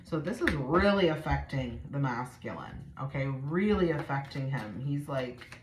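A woman's voice: sits low, expressive, a little slow. A woman doing a casual, chatty tarot reading to camera, blunt and swearing freely. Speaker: tarot reader. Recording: echoey room with faint noise.

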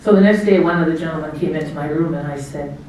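A woman's voice: sits low, fast, darkish tone, slight background noise. A middle-aged woman giving a chatty, anecdotal speech as guest of honor at her party, laughing often and acting out what people said. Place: hotel banquet room. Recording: echoey banquet hall from far off.

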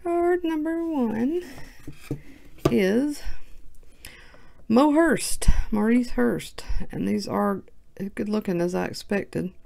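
A woman's voice: fairly high pitch, slow, gravelly, pauses often, warm tone. A woman hosting her sports card channel, chatting casually and thinking aloud in a self-mocking way as she opens packs. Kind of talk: casual card-opening commentary.

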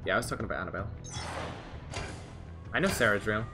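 A young man live-streaming a mobile game, chatting casually with slang and quick exclamations while reading his viewers' chat. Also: on the low side, expressive, over music. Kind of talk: live mobile gameplay commentary.

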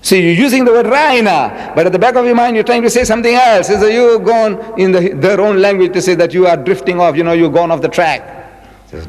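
A man in his seventies giving a religious lecture, emphatic and repeating his key words, drawing out quotations slowly. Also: sits high, expressive, a little mellow, long reverb tail, low-quality recording. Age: 70s. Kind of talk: public lecture.

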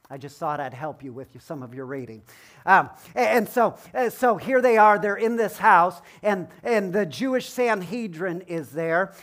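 A male pastor with a high-pitched voice preaches in a loose, conversational way. He explains as he goes, hesitating with ums and slipping in self-deprecating jokes. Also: fairly bright tone. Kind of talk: conversational sermon.

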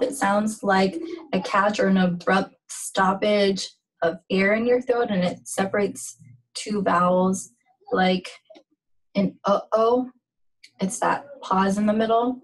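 A woman giving a casual language lesson on pronunciation, speaking slowly and haltingly with many fillers. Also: medium pitch, fairly even intonation, rough recording. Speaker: language teacher.

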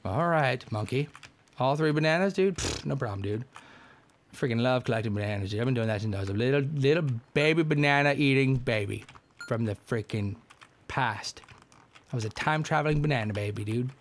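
A young man commentating a game, joking around and yelling when things go wrong. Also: mid-range voice, brisk, a little hiss or hum. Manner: joking, excitable, yells at the game. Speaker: gameplay commentator. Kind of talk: let's-play commentary.

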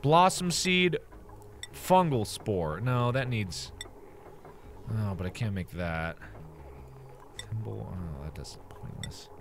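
A man hosting a let's play video, talking through the game as he plays. He is excitable and swings from loud squeals to muttered asides. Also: lowish voice, slow pace, long pauses, over music. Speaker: gaming channel host.

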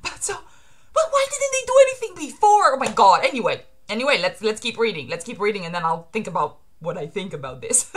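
A woman making a reaction video, reading comic pages aloud in an excitable, gushing way, mixing laughter with whispered pleading. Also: mid-range voice, a little fast. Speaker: manga reaction vlogger.

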